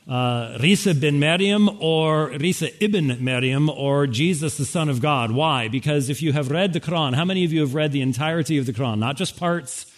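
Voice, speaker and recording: A man giving a quick, wry sermon-style lecture to a conference audience. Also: mid-range voice. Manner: fast-talking, wry, addressing an audience with interpreters. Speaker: speaker at a Christian conference.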